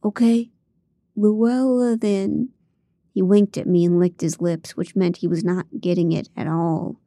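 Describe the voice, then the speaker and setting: A woman's voice: fairly low pitch, level tone, moderate pace, warm tone, no room sound. A woman narrating a first-person audiobook in a dry, comic way on a close studio mic.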